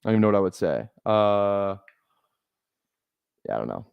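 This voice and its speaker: A man's voice: on the low side, big pitch swings, normal speed, gravelly, smooth, dry recording, highs cut off. A young man from Minnesota chatting casually on a live stream, rambling and joking with many restarts. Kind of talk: casual live-stream chat while drafting.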